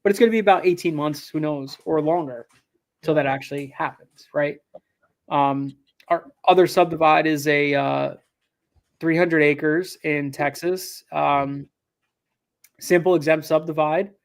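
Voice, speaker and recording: A land investor, guesting on a casual interview, tells a business story in an animated way, acting out quotes and peppering it with fillers and restarts. His voice is fairly high and a little slow.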